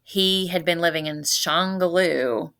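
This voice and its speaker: A woman's voice: on the low side, measured pace, a bit bright. A woman in her forties from North Louisiana, a podcast guest earnestly telling her personal story in casual conversation. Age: 40s. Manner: earnest, retells events by quoting everyone's words.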